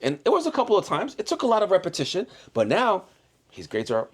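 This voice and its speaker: A man's voice: sits high, wildly swooping pitch, fast talker. A father in a casual podcast chat, animatedly telling stories about his kids and acting out their voices. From the islands. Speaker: single father guest.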